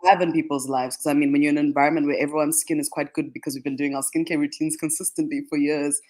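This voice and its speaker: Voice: mid-range voice, little pitch movement, fast, a little mellow. A radio guest explaining skincare in a chatty way, with many "like" fillers and frequent laughs. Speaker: guest, skincare brand marketing manager. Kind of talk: radio interview answers. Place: radio studio.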